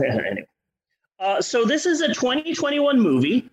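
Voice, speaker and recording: A man's voice: extremely high pitch, wildly swooping pitch, moderate pace, highs cut off. Sarcastic man reviewing a movie. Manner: sarcastic and profane. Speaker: podcast co-host. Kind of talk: casual movie review chat.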